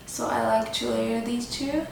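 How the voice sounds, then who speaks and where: A slightly high, gravelly female voice with fairly even intonation drifts along unhurriedly as she chats through a makeup tutorial. This beauty vlogger fills her sentences with "like" and "kinda." The audio comes from a distant mic in a very echoey space, with faint noise in the background.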